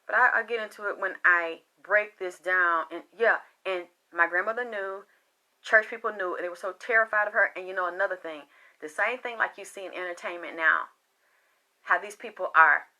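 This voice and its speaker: A woman speaks in a bright, forceful voice as she delivers a passionate monologue straight to her viewers. Her talk rambles and doubles back on itself, laced with swearing and rising heat. She speaks as a spiritual reader sharing her own story. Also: mid-range voice, moderate pace. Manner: impassioned, profane and rambling. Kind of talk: casual monologue.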